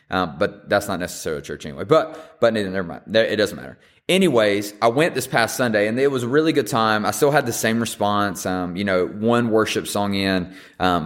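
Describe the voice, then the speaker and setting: A man in his thirties with a very deep voice hosts a podcast in a personal, reflective monologue. He speaks earnestly and haltingly, full of ums and restarts. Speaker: podcast host.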